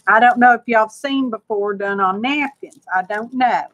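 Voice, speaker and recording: A woman's voice: on the high side, moderate pace, a bit bright, dry recording. A woman, chatting homily and rambling to her viewers as she works through a live craft demonstration. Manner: homey, rambling, talks to herself and viewers while working. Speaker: crafting channel host.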